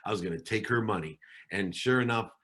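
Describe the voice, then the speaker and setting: Lively low-voiced man telling his story. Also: brisk, husky. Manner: animated storyteller acting out quoted voices. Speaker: guest. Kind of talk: storytelling in a podcast interview.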